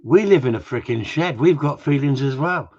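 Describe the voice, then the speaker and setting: A teasing man chats away on a casual live stream, rambling from one joke to the next. His voice is slightly husky, and the sound is dull and lo-fi. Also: medium pitch, expressive, normal speed, a little mellow. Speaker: host of a live gundog Q&A stream. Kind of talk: casual banter with live viewers. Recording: dull lo-fi livestream audio.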